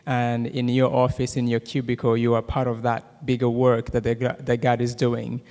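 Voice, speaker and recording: A man in his thirties from Rwanda with a Rwandan accent gives a church testimony and prayer, talking fast with many "uh" fillers and jokes with the audience. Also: medium pitch, completely flat delivery, a little mellow. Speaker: guest speaker giving a testimony. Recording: long hall reverb.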